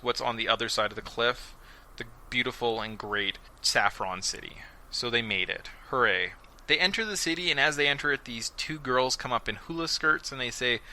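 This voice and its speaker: A man hosting a casual podcast, recapping episodes with sarcastic, animated storytelling and mocking quoted voices. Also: medium pitch, low-quality recording. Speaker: podcast host.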